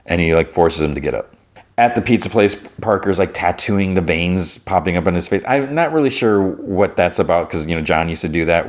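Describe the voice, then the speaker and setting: Deep-voiced guy hosting a podcast, rambly casual recap, lots of "like". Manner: casual, many fillers. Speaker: podcast host.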